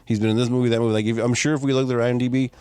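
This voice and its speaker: A man co-hosting a casual movie podcast, talking in a profane, animated way and acting out scenes. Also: medium pitch, very fast, clean tone, no room sound. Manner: animated, profane, acts out scenes in exaggerated voices. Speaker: podcast co-host.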